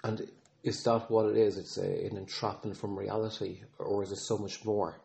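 A man with a fairly low, dark and mellow voice speaks in an earnest, reflective podcast monologue. He talks haltingly, often restarting sentences and filling pauses as he works through his thoughts. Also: little pitch movement, vocal fry. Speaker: podcast host, father of an autistic son.

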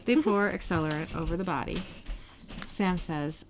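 A woman's voice: lowish voice, fairly quick, slight background noise. A woman on a casual podcast, retelling a TV episode scene by scene and reading the characters' lines aloud. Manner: reads character lines with brief voice shifts, laughs often. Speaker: podcast host narrating a TV episode.

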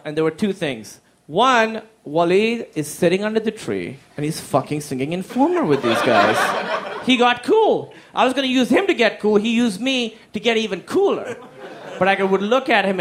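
A man telling a stand-up comedy story, animated and profane, acting out the people in it with silly voices. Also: high voice, normal speed, slight background noise. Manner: animated, acts out quotes in silly voices, swears freely.

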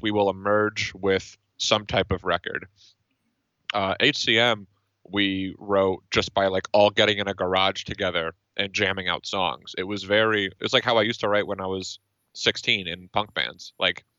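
Male band guest, low bright voice, dry muffled lo-fi audio, thoughtful and meandering. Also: no echo. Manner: thoughtful, lots of fillers and restarts. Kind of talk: casual interview. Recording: dull, dry lo-fi sound.

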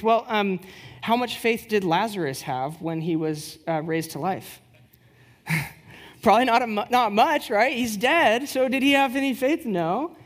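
Woman, church teaching talk, conversational, rhetorical questions, lively storyteller. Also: mid-range voice, husky. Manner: lively storyteller who acts out quoted dialogue.

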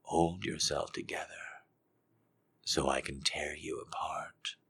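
A dominant seducer, as a man puts him on murmurs in a slow, breathy whispered role-play. His very deep voice drops to near silence and then lifts again, dwelling on each word. He sounds unhurried and teasing. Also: sing-song, a bit bright, exaggerated voice. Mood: commanding.

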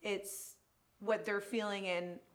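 Brief: a woman guest, a salon owner, heartfelt and rambling, mid-pitched everyday voice. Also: fairly even intonation, slow. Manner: emotional, rambling, many restarts. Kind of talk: casual interview chat.

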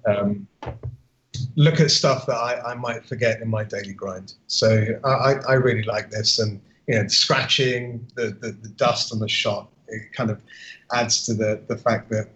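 A man's voice: fairly low pitch, fairly even intonation, normal speed, a bit bright. A man co-hosting a casual photography podcast, talking in a rambling way with many restarts. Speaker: podcast co-host. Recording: dull lo-fi call audio.

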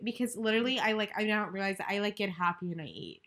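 A woman's voice: mid-range voice, quick pace, a bit bright. A young woman from Texas co-hosting a podcast, talking casually with lots of fillers and restarts. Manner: chatty, many fillers and restarts. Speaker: podcast co-host. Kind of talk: casual chat.

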